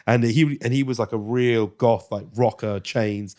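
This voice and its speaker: A man's voice: mid-range voice, fairly even intonation, measured pace, a little mellow. A man from Britain in his thirties, a guest on a casual podcast interview, telling stories animatedly, swearing freely and slipping into impressions. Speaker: guest actor and comedian.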